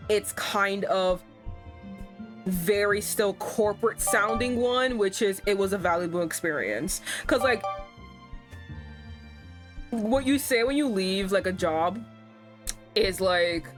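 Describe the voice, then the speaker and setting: Animated swearing young woman streamer. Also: medium pitch, takes it slowly, pauses often, music in the background. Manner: animated, swears, reads game text aloud. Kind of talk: casual gameplay commentary.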